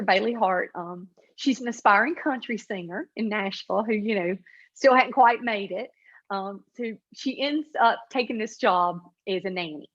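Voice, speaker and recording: A woman with a flat, nasal upstate South Carolina Appalachian accent, chatting in an interview with lots of fillers and restarts. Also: on the high side, muffled recording. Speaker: author and comedy creator. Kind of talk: interview answers.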